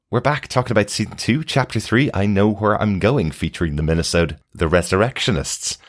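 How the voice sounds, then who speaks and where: A man's voice: on the low side, brisk, hardly any pauses. A man hosting a casual podcast, chatty and laughing often. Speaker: podcast host.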